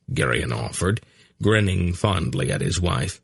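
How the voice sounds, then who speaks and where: A man reading fantasy fiction aloud as an audiobook narrator, measured and deliberate. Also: low voice, animated, dry recording, studio quality. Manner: slow, measured reading with character voices. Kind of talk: scripted narration.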